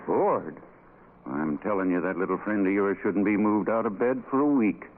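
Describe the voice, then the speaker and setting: An actor playing a suspicious older country doctor in a 1940s radio drama, with a slow, probing manner. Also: male voice, fairly low pitch, close to an everyday voice. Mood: doubting. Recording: tinny lo-fi old radio recording with hiss.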